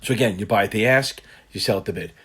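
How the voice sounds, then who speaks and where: A man tutoring for a finance exam, explaining concepts through an animated, loosely told personal story with the odd swear word. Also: on the low side, fast talker, breathy edge. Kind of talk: casual lesson told through a personal anecdote.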